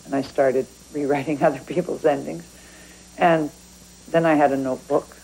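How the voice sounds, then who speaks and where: A woman's voice: deep voice, fairly even intonation, moderate pace, dark tone, breathy edge, low-quality recording. A woman from Canada, a writer talking about her work in a thoughtful, conversational interview. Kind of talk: reflective interview talk.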